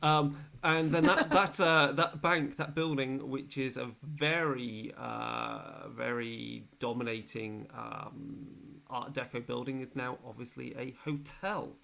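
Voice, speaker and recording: A man's voice: medium pitch, steady tone, slow, gravelly, hardly any pauses, pushed and bright. A man hosting as game master, introducing his players and the tabletop game in a chatty, rambling way with many fillers.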